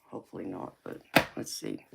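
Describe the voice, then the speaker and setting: Through a very noisy recording, this Southern-accented tarot reader from Georgia, United States, speaks at a normal speed while hosting a casual livestream. She calls viewers honey and baby, laughs often, and gives them a folksy lecture on manners.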